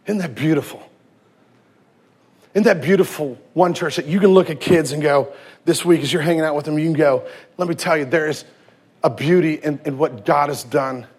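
A man in his thirties, a pastor preaching a sermon with lively storytelling, swinging from loud emphasis to hushed tenderness. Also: a little high, normal speed, slightly rough. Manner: acts out quoted voices and anecdotes.

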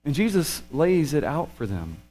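Male pastor, thirties, lively sermon delivery, swings loud to hushed. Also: a little high, normal speed. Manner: animated, swings from excited to hushed.

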